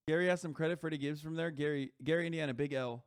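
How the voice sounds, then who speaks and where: A man reacting to a video on a live stream in casual commentary, rambling and profane with quick asides. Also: on the high side, fairly even intonation, clean tone, no echo, studio quality.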